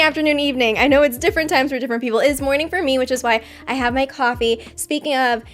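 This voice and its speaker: High, excitable woman streamer. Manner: excitable, bursts into squeals and laughter. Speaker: livestream host. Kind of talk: casual livestream chat.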